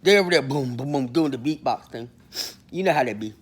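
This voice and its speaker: Telling prison stories on his own channel, a man spins a rambling, comic tale in a boastful, slangy style and voices the people he quotes. His husky, mid-range voice has lively intonation and moves a little fast.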